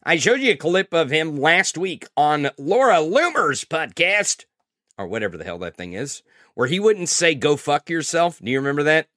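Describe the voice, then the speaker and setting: A man's voice: fairly high pitch, sing-song, moderate pace, fairly bright tone, no room sound, studio quality. A man hosting a political podcast, talking in a profane, sarcastic, mocking way. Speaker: podcast host. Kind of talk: political commentary.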